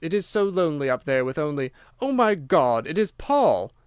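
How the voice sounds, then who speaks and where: A man's voice: fairly high pitch, sing-song, normal speed, smooth, no room sound, studio quality. A man voicing a distraught young Greek woman speaking in a pleading way. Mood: anguished.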